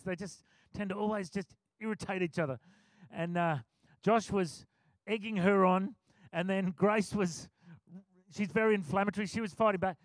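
High-voiced man preaching. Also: no echo. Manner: conversational storytelling preacher, laughs often. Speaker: pastor. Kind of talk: sermon.

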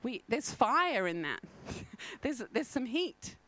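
An animated middle-aged woman, preaching a sermon and telling stories with frequent laughter. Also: on the high side, takes it slowly, low-quality recording. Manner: animated, laughing often, storytelling.

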